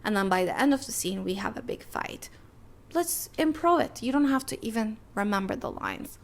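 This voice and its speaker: A young adult woman hosting a podcast, giving casual filmmaking advice in a chatty, animated way and acting out little exchanges. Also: fairly high pitch, moderate pace, gravelly.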